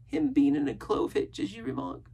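A woman voicing an eager, shrewd old male castaway in a storybook reading, with a high, wheedling, halting voice. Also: lively intonation, dark tone, slightly rough.

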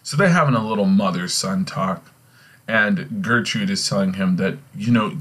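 A man's voice: low voice, animated, moderate pace, a bit bright, husky. A male teacher casually reading and explaining a play in a recorded lesson, often checking in with "okay?". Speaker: English teacher.

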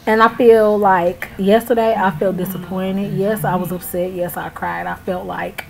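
A woman's voice: medium pitch, flat delivery, normal speed, vocal fry, darkish tone, poor audio. A woman in her early twenties talking straight to viewers in an outraged, emphatic casual vlog rant. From United States. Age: early 20s. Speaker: vlogger. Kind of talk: casual ranting vlog to camera.

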